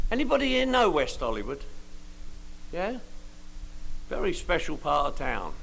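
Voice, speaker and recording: An older man shares his story with a meeting crowd in a casual, wisecracking way. His voice is gravelly and sits a little high. Faint noise hums under the talk. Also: a bit bright, rough recording. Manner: joking, colloquial storyteller with slangy asides. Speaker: recovery meeting speaker. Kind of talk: personal testimony to a meeting.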